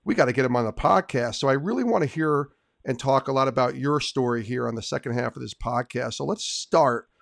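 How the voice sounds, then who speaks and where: A man's voice: mid-range voice, fairly quick, creaky, dry recording, clean studio sound. A man hosting a podcast, eagerly introducing and questioning his guest in a casual interview. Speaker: podcast host.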